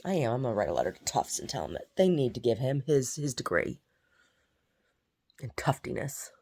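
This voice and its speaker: With an extremely low, darkish, sing-song voice, a woman vlogger rambles casually at a slightly quick pace. She keeps repeating words and murmuring asides to herself.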